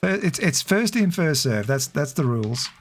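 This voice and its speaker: Aussie guy streaming a game, chatty and laughy, slightly high voice, faint guitar music behind. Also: very animated, normal speed. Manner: chatty, laughs often, talks to viewers by name. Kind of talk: casual livestream chat.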